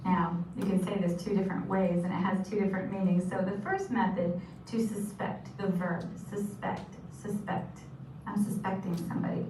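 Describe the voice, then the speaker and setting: A woman's voice: fairly low pitch, fairly even intonation. Patient woman teaching signs in an echoey room. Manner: patient, repeats each term slowly. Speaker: sign language teacher. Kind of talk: instructional explanation. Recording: echoey room from a distance with noise.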